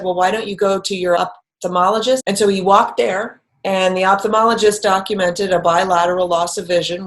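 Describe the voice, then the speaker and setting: A middle-aged woman recounting a personal story in conversation, acting out the quoted lines as she goes. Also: medium pitch. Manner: animated, acts out quoted lines. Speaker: guest telling a personal story.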